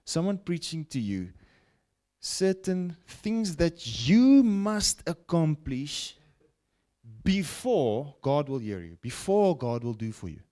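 A male preacher delivering a broadcast sermon at an unhurried, deliberate pace. His pitch swings widely as he builds points, then drops low. He checks in with his listeners now and then. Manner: animated, rising and falling preaching with frequent "okay?" asides. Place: broadcast teaching setting.

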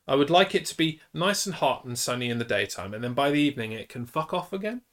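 A man's voice: mid-range voice, animated, fast. A man, co-hosting a livestream in casual, crude, joking banter. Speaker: stream co-host. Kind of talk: casual chat.

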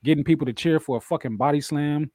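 A man's voice: fairly high pitch, quick pace, warm tone, slight background noise. A man co-hosting a casual podcast chat, swearing a lot and repeating phrases for emphasis. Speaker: podcast co-host.

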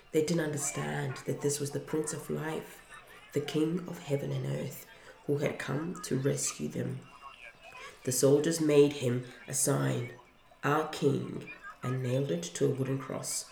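A woman reads a children's storybook aloud with an earnest, heartfelt delivery. Her voice is low and gravelly and she takes her time, in a room with a clear echo. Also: steady tone, measured pace, darkish tone. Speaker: parent reading to listeners. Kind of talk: storybook reading. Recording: roomy echo.

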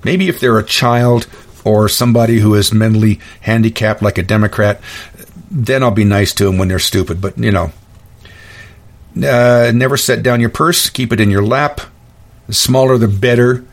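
A man's voice: lowish voice, fairly even intonation, normal speed. A man hosting his own podcast, telling stories in a blunt, opinionated, folksy monologue. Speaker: podcast host. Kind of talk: casual monologue.

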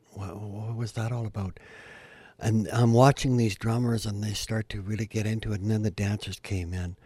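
A man's voice: a little mellow, slightly rough, no room sound. An older man telling a heartfelt story in an interview, earnest and rising in feeling at the big moments. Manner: earnest, heartfelt, climbs in pitch and volume at emotional peaks. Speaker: guest storyteller and musician.

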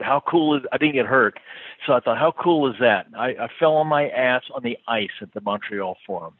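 A man's voice: medium pitch, no echo. Chuckling man telling tour stories. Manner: rambling, chuckling storyteller with many fillers. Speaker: touring musician. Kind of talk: casual anecdote telling. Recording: tinny phone-like line.

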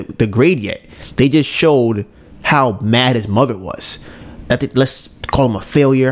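A man's voice: medium pitch, a little mellow. A man co-hosting a podcast who retells an anime plot in casual chat and acts out the characters' lines. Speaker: podcast co-host.

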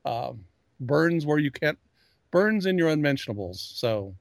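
A man's voice: on the high side, big pitch swings, a little slow, vocal fry, no room sound, studio quality. A man co-hosting a casual pop-culture chat, rambling and often restarting his sentences as he calls himself a geek. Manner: self-described geek. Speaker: podcast co-host.

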